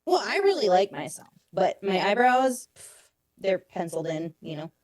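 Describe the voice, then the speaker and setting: A young adult woman co-hosting a podcast in casual chat, self-deprecating and quick to laugh. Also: mid-range voice, very animated, no echo. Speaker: podcast co-host.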